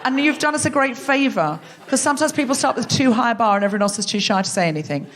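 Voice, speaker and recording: A woman's voice: fairly high pitch, lively intonation, quick pace, fairly bright tone. A woman hosting a live comedy podcast on a theatre stage, chatty and self-mocking, teasing the audience. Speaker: podcast host.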